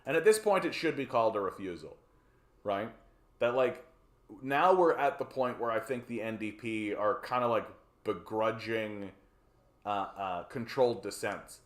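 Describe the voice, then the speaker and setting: A man's voice: lowish voice, expressive, moderate pace, fairly bright tone, echoey room. A man with a Canadian accent, hosting a livestream of casual political commentary, rambling and profane, tagging his points with "right?". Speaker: livestream host.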